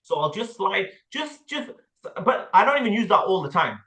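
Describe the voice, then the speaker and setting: A man with an English accent coaching a sales team, blunt and animated, with casual slang and the odd swear word. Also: sits high, normal speed, reverberant. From England. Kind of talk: sales training talk with role-play.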